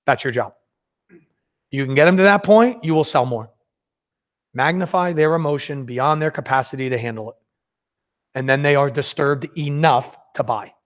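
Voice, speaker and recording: A man leading a live sales workshop, talking in an energetic, conversational way and acting out sales dialogues. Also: mid-range voice, moderate pace, pauses often.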